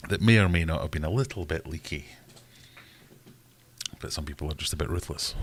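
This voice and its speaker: Scottish male livestream host, low-pitched, easygoing, reads viewer chat aloud. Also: a little fast, pauses often. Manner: chatty, reads out viewer comments. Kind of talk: casual live Q&A chat.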